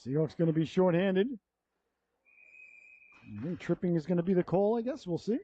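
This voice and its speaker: A man's voice: sits high, normal speed, warm tone. Chatty man calling youth hockey. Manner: chatty, rambling asides and self-corrections. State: yawning, running out of breath. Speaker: play-by-play commentator. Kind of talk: youth hockey play-by-play commentary. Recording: dull, lo-fi local broadcast audio.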